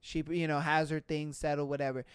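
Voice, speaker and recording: A podcast host reading out reddit stories and reacting with loud exclamations, swearing and frequent laughter, into a close mic. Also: medium pitch, level tone, a little fast, clean tone, no room sound. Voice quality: profane, exclamatory, laughs often.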